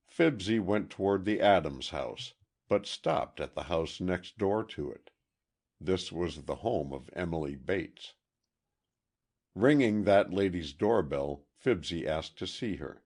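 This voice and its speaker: Male narrator, low voice, slow pace, lively intonation, audiobook reading. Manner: deliberate, expressive reading. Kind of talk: scripted narration.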